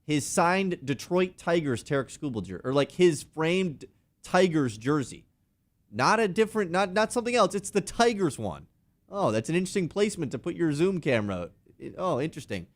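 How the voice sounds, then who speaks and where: Animated, joking sports radio man. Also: on the high side. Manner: animated, sarcastic, quick to mock with put-on quotes. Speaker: radio show co-host.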